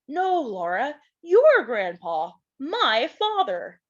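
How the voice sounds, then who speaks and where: A playful pioneer father spins tales by the fireside, gently teasing and fond, as a woman reading a storybook puts him on. The voice sits fairly high and unhurried, and the sound is slightly muffled. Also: expressive, heavily acted. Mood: storytelling.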